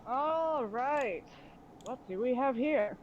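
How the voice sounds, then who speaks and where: Short cocky pirate boss, brisk questioning, played by a woman, higher pitch, dull recording. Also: lively intonation, slight background noise. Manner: brisk, sizing people up. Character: short cocky male pirate leader in heels. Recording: dull lo-fi audio.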